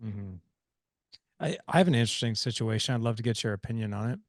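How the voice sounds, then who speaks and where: A man in his forties hosting a podcast interview, telling stories in an emphatic, animated way. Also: medium pitch, fast, dry recording, clean studio sound. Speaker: podcast host. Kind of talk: conversational interview.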